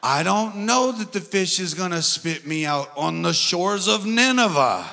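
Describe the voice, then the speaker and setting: A man preaching a sermon as pastor, animated and swinging between loud and soft delivery. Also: high-pitched, unhurried, gravelly. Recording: long hall reverb with faint music.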